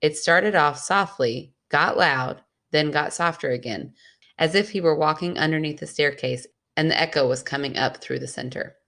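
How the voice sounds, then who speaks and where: A woman's voice: sits low, normal speed, creaky, fairly bright tone. A woman co-hosting a podcast, reading a listener's ghost story aloud and teasing her sister. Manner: playful, teasing. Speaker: podcast co-host.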